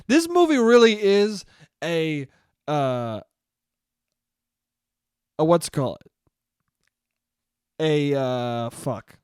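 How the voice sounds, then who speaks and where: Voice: medium pitch, clear, resonant tone, dry recording. A podcast host in a casual comedic monologue, rambling, swearing freely and laughing at their own jokes on a close mic.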